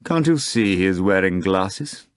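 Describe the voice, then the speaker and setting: A man voicing a suave, commanding devil who speaks courteously and gravely. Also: low voice, expressive, unhurried, no echo, clean studio sound. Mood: calm courtesy. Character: suave devilish male magician, calm and commanding.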